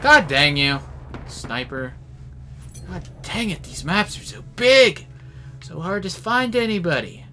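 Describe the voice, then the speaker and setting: A man giving live commentary while playing a shooter game, excitable, yelling at enemies and trading mild minced oaths. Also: on the high side. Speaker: gameplay commentator. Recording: game noise clearly behind voice.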